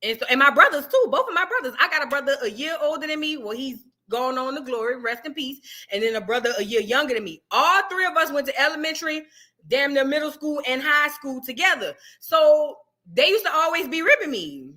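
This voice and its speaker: New woman hosting a livestream, high voice, animated storytelling. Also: fairly quick. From New Orleans, USA. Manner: chatty, animated storyteller with slangy asides. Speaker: livestream host. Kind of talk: casual livestream chat.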